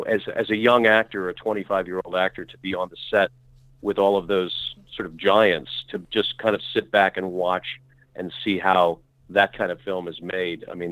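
Man in his fifties, deep voice, dry close sound; actor guest reminiscing loosely in a casual interview. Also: a bit bright, no room sound, poor audio. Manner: rambling, reflective storytelling.

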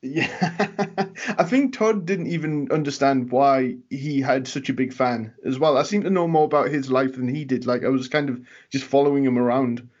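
Man with a softened Geordie accent. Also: mid-range voice, normal speed, breathy edge, lo-fi sound. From England. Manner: chatty, laughs often, many fillers. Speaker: podcast host. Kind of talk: casual interview.

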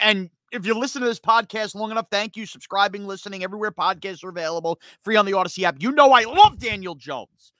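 A man hosting a sports podcast, ranting heatedly in a rapid-fire, fired-up way that gets loud at times. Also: high voice, dry recording. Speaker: sports talk podcast host.

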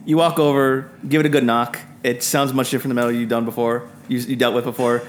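A man narrating as dungeon master, halting with fillers and restarts. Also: mid-range voice, level tone, slight background noise. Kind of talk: narrating a tabletop game.

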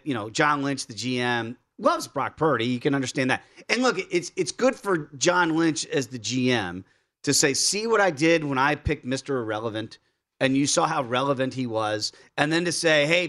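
A man hosting a sports betting show, chatting casually and acting out quotes in mock voices. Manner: animated, acts out quotes in high mock voices. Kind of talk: casual sports radio banter.

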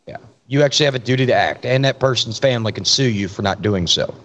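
A man's voice: mid-range voice, quick pace, dull audio. A man, a police officer, chatting casually and telling stories from his work, swearing freely. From Florida. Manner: storytelling, swears freely, relaxed drawl. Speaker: podcast co-host, police officer. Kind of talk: casual chat.

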